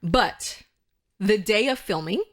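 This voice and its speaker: A lively woman in her fifties from the United States, chatting as an interview guest. She tells her stories with energy, often bursts into laughter and exclaims loudly. Her voice sits at a medium height. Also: medium pitch, slow pace. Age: 50s. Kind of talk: casual interview chat.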